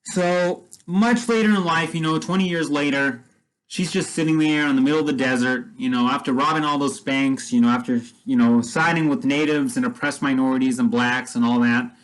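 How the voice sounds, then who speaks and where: A man's voice: on the high side, steady tone, normal speed, poor audio. A man casually retelling a film story as a vlogger, rambling with many restarts and fillers.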